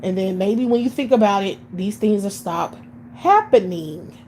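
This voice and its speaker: A woman's voice: mid-range voice, moderate pace, warm tone. Woman streamer, mid-range voice, heated profane rant, rhetorical questions, faint hiss behind. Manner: repeats and restarts words when heated. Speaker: livestream host addressing her chat.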